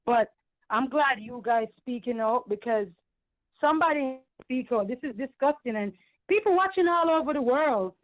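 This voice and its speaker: A woman's voice: sits high, expressive, moderate pace. Indignant woman on a phone line. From Caribbean. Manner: emphatic, repetitive, indignant. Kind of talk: heated call-in rant.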